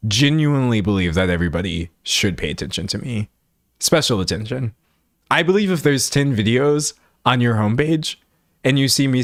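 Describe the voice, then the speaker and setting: A man chatting casually on a livestream, animated and laughing often. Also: medium pitch, dry recording, studio quality. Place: home streaming setup in front of a pink backdrop.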